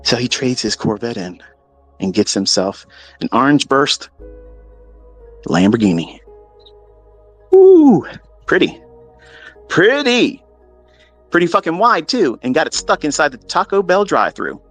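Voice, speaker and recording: A man telling a story in a profane, animated, mocking way, as a trading mentor talking to his audience. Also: medium pitch, moderate pace, soft background music. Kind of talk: casual storytelling monologue.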